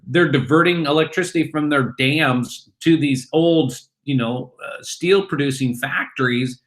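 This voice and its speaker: Excited middle-aged man pitching crypto. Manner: excited, acts out bar chatter in voices. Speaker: crypto company guest. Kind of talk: animated interview talk.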